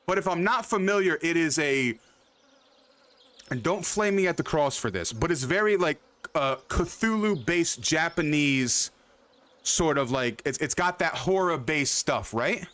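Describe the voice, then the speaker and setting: A young man hosts a game livestream in a fairly high, animated, fairly bright voice, unhurried and dryly recorded. He chats loosely with viewers by name in the live chat, rambling, repeating himself and swearing freely.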